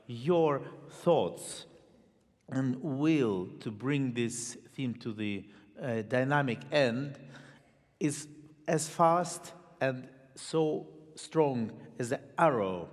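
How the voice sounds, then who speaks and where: Male violin master teacher, unhurried, sings lines to show phrasing, long hall reverb with violin behind. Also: medium pitch, darkish tone. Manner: sings phrases in syllables between instructions; earnest, imagery-rich explaining. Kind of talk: master class coaching. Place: conservatory hall.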